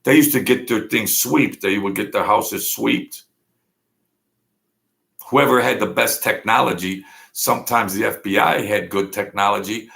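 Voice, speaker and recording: A man's voice: lowish voice, gravelly, a bit bright. A man talking in a blunt, rambling monologue full of street slang. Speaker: vlog host. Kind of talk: casual monologue.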